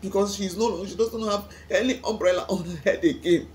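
A tearful woman with a Nigerian accent speaks in an emotional vlog lament, sighing between her words. She pleads with God and asks the same questions over and over. Her voice sits at a middle pitch, with faint ambient noise behind it. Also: a little fast, darkish tone. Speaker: vlogger.

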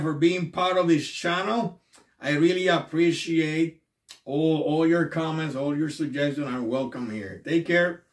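A man vlogging in casual chat, halting and repeating words as he trails off. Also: on the high side, recorded from a distance. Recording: echoey room.

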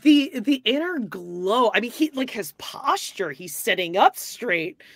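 A woman's voice: a little high, very animated, measured pace, no room sound, clean studio sound. A woman co-hosting a casual watch-along podcast, snarky with crude jokes. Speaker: podcast co-host.

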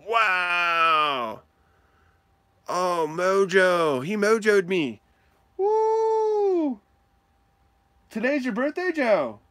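A man chats live with his viewers while he opens mail, his voice bright and lively and his pace slow and drawn out. He whoops and laughs often, and the sound is dry and close. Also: fairly high pitch, dry recording. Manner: animated, whoops and laughs often, talks to chat. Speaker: card collecting live streamer. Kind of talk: excitable live stream mail-day chat.

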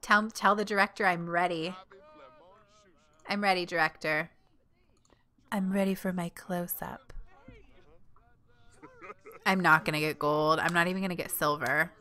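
A young woman giving casual, giggly let's-play commentary, gushing and voicing her character in quick asides. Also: on the low side, steady tone, bright, forceful tone. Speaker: gameplay commentator.

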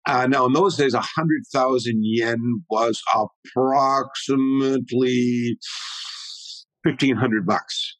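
A man in his sixties, a martial arts historian telling stories as an interview guest in an animated, rambling way. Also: mid-range voice, slow pace, dry recording, rough recording. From Canada. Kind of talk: conversational storytelling.

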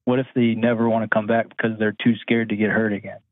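A man's voice: on the low side, flat delivery, fast, no room sound. A man co-hosting, attentive and affirming, asking a follow-up question. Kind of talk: brief listening responses and a question. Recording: thin phone-like sound.

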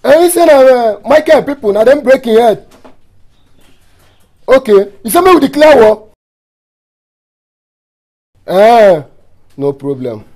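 An excitable vigilante with a very high voice and a Nigerian Pidgin accent. His pitch bounces around a lot as he talks. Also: unhurried, pauses often, full character voice. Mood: urgent. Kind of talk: Nollywood film acting.

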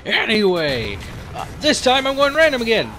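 A young man hosting his own channel, giving excitable, profanity-laden live commentary while playing a game. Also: extremely high pitch, normal speed, slight background noise. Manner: excitable, swears a lot, reacts loudly. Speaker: gaming channel host.

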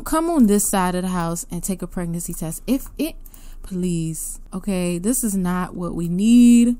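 A woman hosting her gaming channel, giving excitable casual commentary with loud gasps and outbursts. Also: medium pitch, clear, resonant tone. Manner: excitable, gasping and laughing reactions, loud outbursts.

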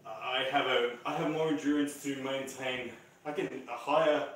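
A man leading a live-streamed arm wrestling session, chatting casually, laughing often and shouting during matches. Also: medium pitch, fairly even intonation, normal speed, a little hiss or hum. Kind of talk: casual live-stream chat while training. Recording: echoey room from far off.

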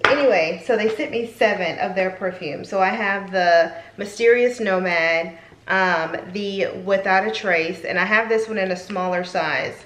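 A woman's voice: mid-range voice, normal speed, a bit bright. A woman in her thirties chatting casually to camera at home as a lifestyle vlogger, rambling and talkative. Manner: chatty, rambling, gets emotional at times. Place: home, indoors. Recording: echoey room.

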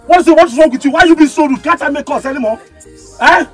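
An actor with a Nigerian accent playing a quick-tempered male keke driver who shouts insults. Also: extremely high pitch, faint music behind. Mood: furious. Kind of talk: Nollywood film acting.

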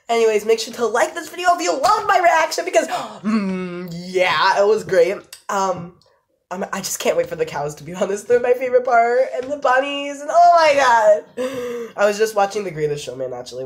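A woman reacting to a game trailer, gushing and excitable, squealing and laughing between exclamations. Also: medium pitch. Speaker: gaming YouTuber.

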